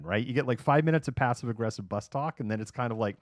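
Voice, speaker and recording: Speaking fast with barely a pause, a medium-pitched middle-aged man from Massachusetts hosts a livestream from his home room. He chats casually and sarcastically, acting out quoted people, and there's no echo on the recording.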